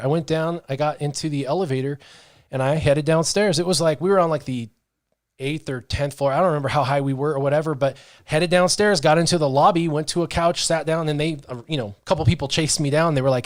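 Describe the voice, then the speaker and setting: A man's voice: fairly high pitch, quick pace. A middle-aged man hosting a casual chat, telling a long story and voicing the people in it. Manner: animated, acts out the dialogue of people in his stories. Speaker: gaming channel host.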